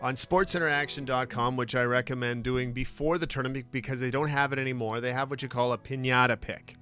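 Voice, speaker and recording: A man hosting a sports talk show, telling stories in a lively, casual way. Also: medium pitch, quick pace, soft background music. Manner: animated storytelling with laughs.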